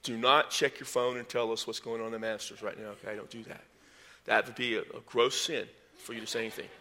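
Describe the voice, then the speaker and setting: Bright-voiced preaching man. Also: quick pace. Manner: animated preaching, rising in pitch and volume when stressing points; folksy asides and sports metaphors. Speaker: pastor. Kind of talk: sermon.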